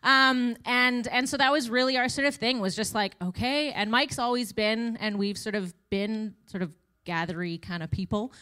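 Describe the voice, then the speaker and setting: A woman's voice: on the high side, fairly even intonation, moderate pace, few pauses, sharp tone, clean tone. A woman in her thirties giving a casual, chatty testimony at church, with self-deprecating asides. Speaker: church speaker sharing testimony.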